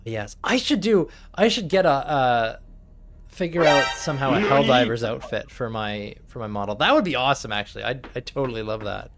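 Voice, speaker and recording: A man's voice: medium pitch, lively intonation, fairly quick, a bit bright, faint music behind. A man chatting casually on his live stream, rambling, swearing freely and laughing often. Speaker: streamer and game master.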